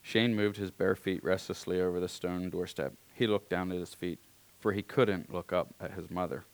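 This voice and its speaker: A man reading a story aloud in a calm, unhurried way, now and then clearing his throat. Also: deep voice.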